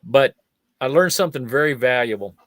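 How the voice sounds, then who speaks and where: Older man, show guest, animated storyteller, mid pitch, dry close sound. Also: brisk, no room sound. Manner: lively storyteller, acts out quoted voices. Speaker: guest magician and fire eater. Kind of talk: anecdotal storytelling in a chat show.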